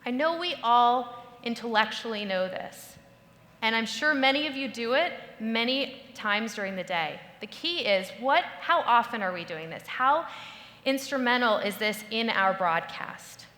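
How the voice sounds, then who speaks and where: Bright, playful woman speaking in a hall. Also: fairly high pitch, lively intonation, a little slow. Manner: playful, instructive, acts out quoted voices. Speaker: speaker giving a talk to an audience. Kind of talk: lively audience-participation talk. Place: large hall before a live audience. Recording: echoey hall with long reverb, faint ambience.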